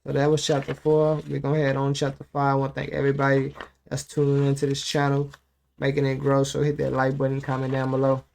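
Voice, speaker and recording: A man's voice: medium pitch, monotone, fast talker, creaky, a little mellow, slight background noise. A man hosting his channel, reacting to an audiobook in casual, slangy commentary aimed straight at his viewers.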